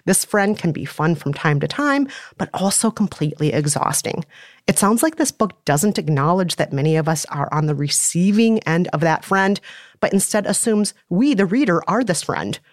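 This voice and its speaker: A woman's voice: on the low side, lively intonation, normal speed, dry recording, clean studio sound. A woman co-hosting a podcast, talking earnestly and reading listener letters aloud. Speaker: podcast co-host. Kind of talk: casual chat.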